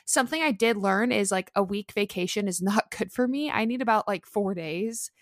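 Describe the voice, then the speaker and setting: Telling a story on the podcast she co-hosts, this young adult woman keeps the chat casual and animated, packed with fillers, in a medium-pitched voice at a moderate pace.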